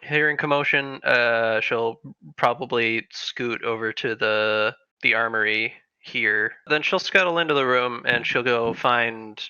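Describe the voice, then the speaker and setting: Bright, crisp man with dull lo-fi sound. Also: medium pitch, fairly even intonation, measured pace, no room sound. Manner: hesitant, many fillers. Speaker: player. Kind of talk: describing his character's moves.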